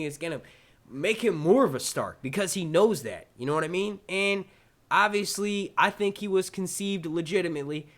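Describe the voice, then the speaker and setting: This is a man with a New York accent who hosts a casual live-stream Q&A. His voice sits a touch high for a man. He rambles excitably from one question to the next and swears easily. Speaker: channel host answering chat questions.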